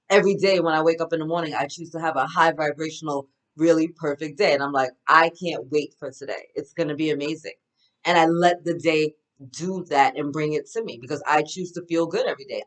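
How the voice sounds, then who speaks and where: A woman's voice: sits low, fast talker, low-quality recording. Upbeat woman giving a spiritual pep talk. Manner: enthusiastic, affirming, chatty with frequent "right?". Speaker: spiritual card reader.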